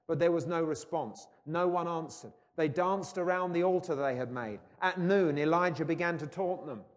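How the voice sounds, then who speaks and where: A male preacher giving a sermon, swinging between loud proclamation and hushed intensity. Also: fairly high pitch, moderate pace. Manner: mocking taunts when acting out scripture scenes. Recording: long hall reverb.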